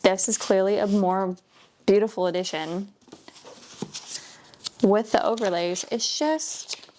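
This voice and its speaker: A woman chatting casually as she unboxes books, gushing, gasping and dropping into soft whispers. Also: mid-range voice, takes it slowly, a little hiss or hum. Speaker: book vlogger.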